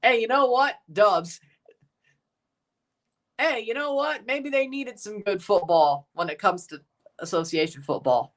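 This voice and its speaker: A man's voice: high-pitched, animated, unhurried, pauses often, fairly bright tone. Rambling man hosting a live watchalong. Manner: rambling, repeats himself, chuckles often. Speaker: livestream host reading chat. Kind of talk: casual watchalong commentary.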